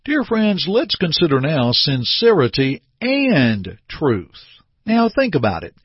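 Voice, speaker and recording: A man's voice: a little high, slow, breathy edge, no room sound, dull audio. A man preaching an earnest radio sermon, acting out short everyday scenes to make his point. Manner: earnest, animated preaching with acted-out little scenes.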